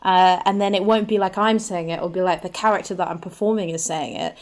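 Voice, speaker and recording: A woman, a comedian guest on a panel, talking quickly and chattily with laughing asides. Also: mid-range voice, steady tone, a little mellow. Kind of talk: comic panel banter.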